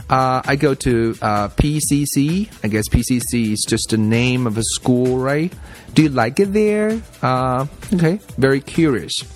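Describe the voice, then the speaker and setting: A man teaching a lesson, explaining in a mix of Chinese and English and slowly repeating example phrases. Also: medium pitch. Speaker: language teacher. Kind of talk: bilingual classroom explanation.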